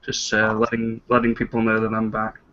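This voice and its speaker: A man's voice: on the low side, monotone, fairly quick, bright, forceful tone, lo-fi sound. A man describing his character's actions in a tabletop game. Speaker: player.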